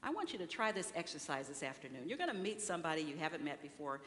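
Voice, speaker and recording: A woman's voice: deep voice, sing-song, quick pace, fairly bright tone. A woman delivers a sermon from the pulpit of a large church, her voice carrying with a long echo and faint room noise behind it. She talks to the congregation conversationally, putting questions to them and acting out what people say. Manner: conversational preaching with rhetorical questions and acted-out quotes. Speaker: speaker at a church service.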